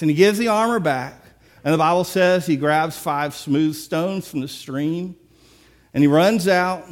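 A man preaching a sermon, retelling a story with lively, acted-out dialogue. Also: on the high side, unhurried. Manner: animated storytelling, acts out characters. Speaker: pastor.

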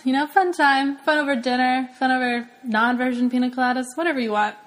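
A woman's voice: high-pitched, steady tone, brisk. A young woman co-hosting a podcast, chatting playfully and giggling often. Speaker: podcast co-host. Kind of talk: casual podcast chat.

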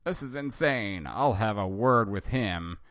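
Reader doing a harried husband, lively swings in voice, close dry mic. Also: male voice, on the low side, unhurried, no room sound, pitched above the performer's own voice. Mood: exasperated. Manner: exasperated, exclaiming. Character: flustered husband, exasperated.

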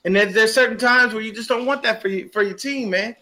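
A man co-hosting a sports podcast, telling animated stories in casual, profane chat. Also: high-pitched, fast talker. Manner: animated storytelling with heavy cursing. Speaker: podcast co-host.

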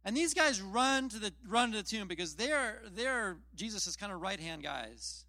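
A man's voice: sits high, big pitch swings, normal speed, sharp tone, dry recording. A man preaching a casual sermon, retelling scripture in plain, chatty storytelling with self-deprecating asides. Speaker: pastor.

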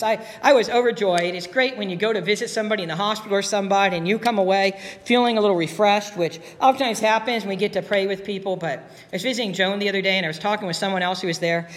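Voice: medium pitch, a bit bright. A pastor preaching a sermon in an earnest, conversational way, repeating key phrases. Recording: long reverb of a hall.

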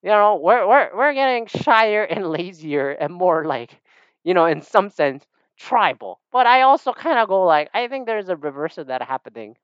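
A man holding forth in a loose, rambling monologue, his pitch leaping up and dropping low as he goes. He swears freely and keeps circling back on himself. The sound is dry and a little dull. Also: fairly bright tone, clear, resonant tone, no echo. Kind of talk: casual opinion monologue.

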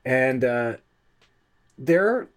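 A man's voice: medium pitch, very animated, extremely slow. A man hosting a casual conversation, joking and teasing his guest.

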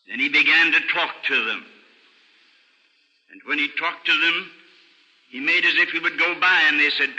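An older man preaching a sermon, telling the story earnestly and dropping low and soft for sad passages, on an old radio recording. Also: moderate pace. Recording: old radio broadcast recording with long hall reverb.

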